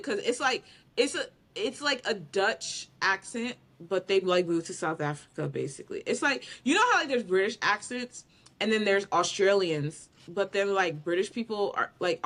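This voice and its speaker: A woman's voice: mid-range voice, animated, moderate pace, a bit bright. A woman co-hosting a podcast in casual chat, giving her opinions with emphatic confidence. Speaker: podcast co-host.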